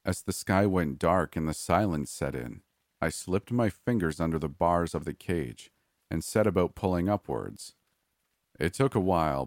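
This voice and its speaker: A man narrating a first-person horror story in a measured, grim way. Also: very deep voice, darkish tone, dry recording, studio quality.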